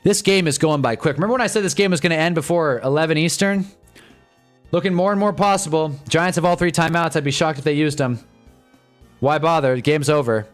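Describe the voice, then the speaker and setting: Briskly and in a slightly high voice, a young livestream host grumbles wryly through a football game. The loose, rambling fan commentary drifts into casual conversation, with faint music underneath.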